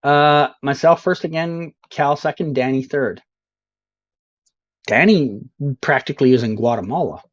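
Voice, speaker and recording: A man streaming a geography game, joking and mocking himself as he sounds out signs in slow, mangled Spanish. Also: mid-range voice, muffled recording. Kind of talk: casual live-stream commentary.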